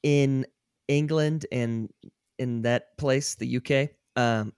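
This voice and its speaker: A young man co-hosting a casual podcast chat, animated and laughing often, with bursts of loud emphasis. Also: mid-range voice, slow, clear, resonant tone, dry recording, studio quality. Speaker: podcast co-host.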